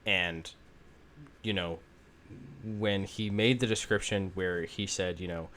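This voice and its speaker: A man's voice: deep voice, fairly even intonation, slow, a bit bright, slight background noise. A man hosting a podcast, rambling in casual chat with lots of fillers and swearing. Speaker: podcast host.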